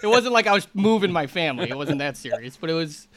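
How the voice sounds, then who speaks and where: A man's voice: a little high, expressive, fast, a bit bright. A man co-hosting a casual podcast chat, rambling with lots of fillers. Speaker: podcast co-host.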